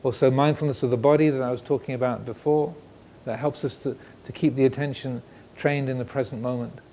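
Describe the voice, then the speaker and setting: Mellow-voiced monk giving a reflective talk. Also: male voice, mid-range voice, steady tone, a little hiss or hum. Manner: reflective, pausing, asks questions. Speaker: Buddhist monk teacher. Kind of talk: dharma talk. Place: indoor room with air conditioner. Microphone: filmed by cameras.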